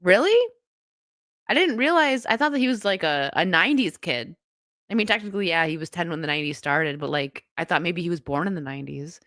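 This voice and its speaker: A woman's voice: fairly low pitch, lively intonation, brisk, fairly bright tone, no echo, clean studio sound. A woman streamer who is sick, giving casual, rambling live commentary and laughing often. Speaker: streamer host.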